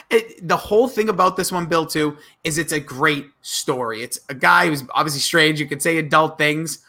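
A man's voice: fairly high pitch, normal speed, gravelly. A man co-hosting a casual podcast, animatedly recapping comedy sketches, acting out the lines and laughing. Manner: animated, acts out quotes, laughs often. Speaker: podcast co-host.

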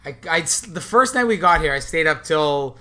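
A man's voice: on the high side, expressive, moderate pace, sharp tone. A young man co-hosting a podcast, telling a rambling story with lots of restarts in casual chat. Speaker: podcast co-host. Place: hotel in a city.

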